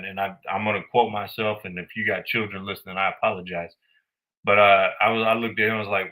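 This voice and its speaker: Bright-voiced blunt man. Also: lowish voice, a little fast, rough recording. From United States. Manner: animated, profane, blunt. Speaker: podcast host. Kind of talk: casual storytelling.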